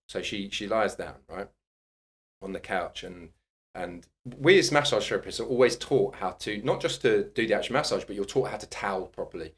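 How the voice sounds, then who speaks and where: Here a man with a fairly low voice speaks at a moderate pace. A personal trainer on a podcast, he shares an animated, casual anecdote peppered with curses and laughs.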